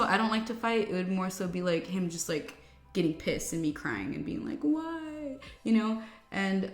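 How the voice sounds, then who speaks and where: Candid rambling woman in an echoey room. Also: medium pitch. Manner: candid, rambling, many fillers and restarts. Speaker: beauty vlogger. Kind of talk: casual chat while getting ready. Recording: echoey room with faint music.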